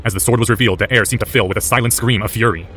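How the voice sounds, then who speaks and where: A man's voice: lowish voice, fairly even intonation, racing, a bit bright. A man narrating a story aloud as an audiobook, intense and driven. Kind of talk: audiobook narration of fan fiction.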